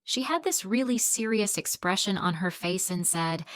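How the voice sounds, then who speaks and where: A young woman narrates a personal story in an earnest, confiding tone, her voice sitting at an ordinary middle pitch. The recording is close and dry, with no room around it. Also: animated, moderate pace, hardly any pauses, dry recording. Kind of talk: reading a first-person online story.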